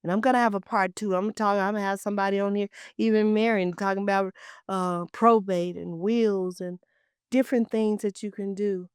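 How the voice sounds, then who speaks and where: A woman's voice: steady tone, fairly quick, smooth, no echo. Emphatic woman host, preachy and dry. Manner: emphatic and preachy, repeats phrases for effect; swings from loud and high to hushed, near-whispered asides. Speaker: talk show host. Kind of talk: heartfelt storytelling monologue.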